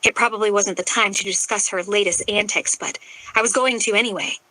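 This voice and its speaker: A woman's voice: mid-range voice, steady tone, brisk, bright, forceful tone, poor audio. A woman narrating a romance audiobook in the first person, with emotional, dramatic delivery.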